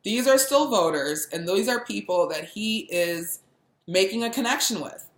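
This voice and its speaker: A young adult woman hosting a casual political chat, animated and laughing, often mimicking people. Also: mid-range voice, moderate pace. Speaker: podcast host. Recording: echoey room.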